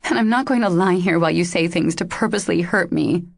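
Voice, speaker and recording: A woman's voice: fairly low pitch, fast, vocal fry. A woman voicing a grieving young widow who pleads in a tearful, pained way, in an audiobook. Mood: pleading, distraught.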